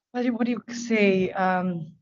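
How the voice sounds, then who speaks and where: A woman speaking English as her second language, a business owner testifying before a board in a halting, earnest, emotional way. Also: mid-range voice, no room sound, muffled recording. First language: not English. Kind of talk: testimony at a public hearing. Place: hearing room.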